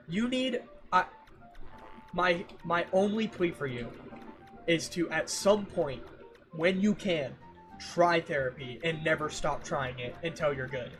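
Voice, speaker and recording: A man streaming and chatting casually with viewers, ranting in an animated, exasperated way and repeating himself for emphasis. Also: sits high, slow pace, pauses often, faint music behind. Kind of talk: casual livestream chat with viewers.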